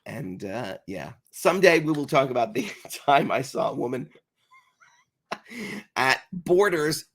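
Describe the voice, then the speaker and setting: A man's voice: mid-range voice, slow pace. A man co-hosting a business podcast, telling anecdotes in casual chat and acting out the voices of the people in them. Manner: animated, acts out voices in anecdotes. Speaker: podcast co-host.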